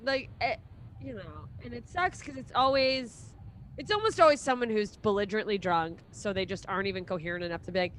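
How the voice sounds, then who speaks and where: A woman's voice: mid-range voice, brisk, a bit bright, a little hiss or hum. A young adult woman, a touring stand-up comedian, chatting casually as a guest, laughing often, swearing and acting out quotes. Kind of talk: casual chat.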